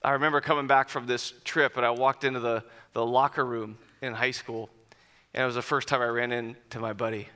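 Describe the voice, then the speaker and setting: Bright-voiced storytelling man. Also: medium pitch, brisk. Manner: animated, then quiet and reflective. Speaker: speaker addressing an audience. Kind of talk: personal storytelling talk.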